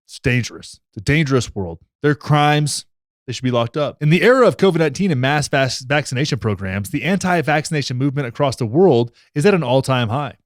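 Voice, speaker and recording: A young man giving sarcastic vlog commentary, reading a text aloud with mock outrage and deadpan asides. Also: medium pitch, no echo, clean studio sound. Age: young adult. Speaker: vlogger.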